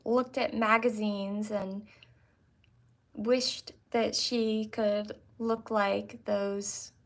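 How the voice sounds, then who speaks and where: A woman chatting casually with her livestream viewers, halting and soft-spoken with many fillers and restarts. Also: medium pitch, gravelly. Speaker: livestream host.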